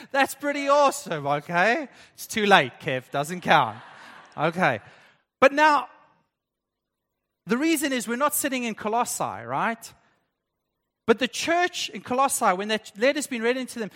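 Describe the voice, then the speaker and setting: High-voiced pastor in a reverberant church. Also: male voice, a bit bright. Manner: conversational, engaging the congregation with questions. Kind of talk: sermon. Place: church hall.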